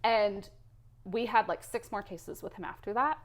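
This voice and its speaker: A woman's voice: medium pitch, moderate pace. Candid woman retelling a cath lab story. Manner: emotional, candid, animated storytelling. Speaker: guest, cath lab nurse. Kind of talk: casual interview storytelling.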